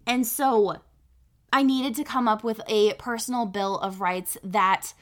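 A woman hosting a podcast alone, talking in an animated way, often laughing and checking in with "right?". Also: fairly high pitch, unhurried. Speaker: podcast host. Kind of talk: solo podcast talk.

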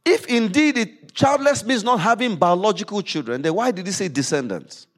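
A man preaching a sermon in a church service, reading scripture aloud with rising emphasis and dropping low to explain it. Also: animated, moderate pace.

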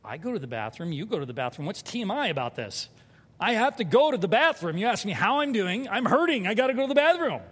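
A man preaching a sermon as pastor, animated and conversational, with humor. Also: high voice, brisk. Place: church sanctuary. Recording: hall reverb.

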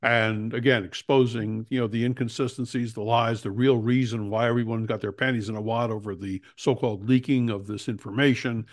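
A man's voice: medium pitch, steady tone, brisk, hardly any pauses. A man hosting a talk show, chatting casually about politics with wry jokes. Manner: wry, joking.

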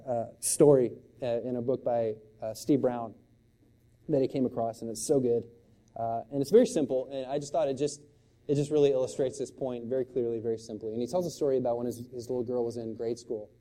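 A middle-aged male pastor delivering a sermon in a very dark, mellow voice. He moves between loud, impassioned outbursts and soft, hushed storytelling, with a middling pitch.

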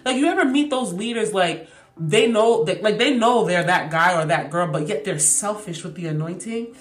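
A young woman hosting a podcast, sharing a casual, heartfelt devotional reflection with slang and emphatic repeats, her voice going a bit hoarse. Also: medium pitch, expressive, normal speed. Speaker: podcast host.

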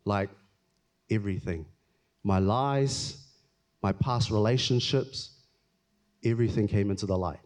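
A man's voice: on the low side, a little mellow. Guy sharing his testimony at church, earnest, emotional, stumbles and repeats himself. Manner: earnest, emotional, often halting and repeating words. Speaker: church speaker giving testimony. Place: church hall.

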